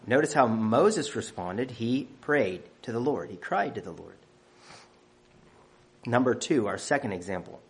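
A man's voice: lowish voice, expressive, unhurried. Emphatic male preacher listing points. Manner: emphatic, counting off numbered points. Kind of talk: sermon.

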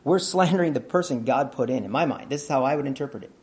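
A man preaching a sermon in a conversational teaching manner, often asking his listeners questions and clearing his throat. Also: medium pitch, fast, a little mellow.

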